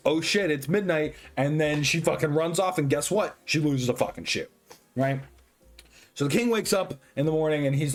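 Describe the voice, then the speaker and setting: A tipsy man rambling excitedly through a profane movie review, full of fillers and swearing. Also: on the high side. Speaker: host.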